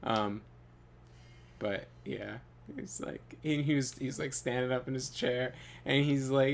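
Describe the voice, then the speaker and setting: A man's voice: medium pitch, unhurried, vocal fry, a little hiss or hum. A man telling a story while gaming, laughing often and swearing casually. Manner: laughs often, animated, loose and profane. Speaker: gaming channel co-host.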